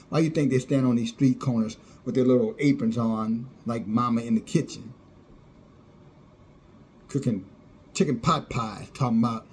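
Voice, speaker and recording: A man's voice: medium pitch, normal speed, long pauses, a little hiss or hum. A man preaching a fiery sermon, scornful and sarcastic, often laughing at those he criticizes.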